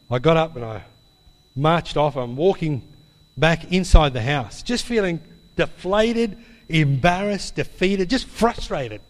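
A slightly high-voiced man delivers a sermon in a large, echoing hall, with a long reverb trailing his words. His preaching is conversational and anecdotal, full of asides and tag questions. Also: expressive, normal speed. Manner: chatty storytelling with tag questions. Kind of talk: sermon with a personal story.

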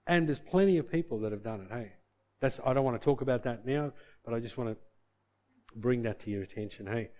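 A man's voice: mid-range voice, a little mellow, muffled recording. A man preaching a sermon in a chatty style, acting out little dialogues as he goes. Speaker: pastor.

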